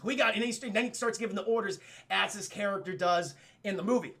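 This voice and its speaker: A man's voice: high-pitched, quick pace, sharp tone. A young man streaming a casual, swear-filled film recap to his chat, acting out quotes in different voices and laughing often. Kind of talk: excited casual movie recap.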